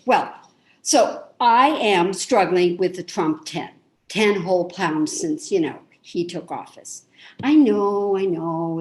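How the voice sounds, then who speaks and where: A woman's voice: lowish voice, darkish tone. A woman performing a monologue as an anxious, self-deprecating woman who rambles and restarts her sentences, over a video call. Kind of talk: theatrical monologue.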